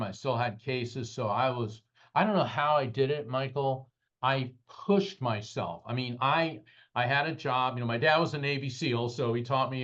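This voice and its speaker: A man telling a personal story as an interview guest, animated and dramatic, his voice rising at the intense moments. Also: dull audio. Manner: animated, dramatic retelling with rising pitch at peaks. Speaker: guest, psychic medium and lawyer.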